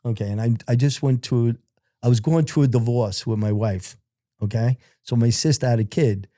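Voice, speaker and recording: Middle-aged New man, mellow dark voice, lively profane storyteller, dry close mic. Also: medium pitch, normal speed, dry recording. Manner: animated, profane, laughs through his stories. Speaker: interview guest. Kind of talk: casual storytelling.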